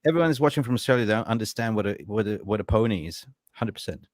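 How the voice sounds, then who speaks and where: A man hosting a casual football fan podcast, an animated storyteller who laughs often. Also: on the low side, fast, a little hiss or hum. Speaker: podcast host.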